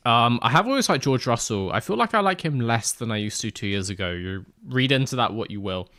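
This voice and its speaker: Chatty streamer man, lively up-and-down voice. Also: medium pitch, a little fast, no room sound, studio quality. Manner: chatty, rambling, answers chat with asides. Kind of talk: live gameplay stream chat.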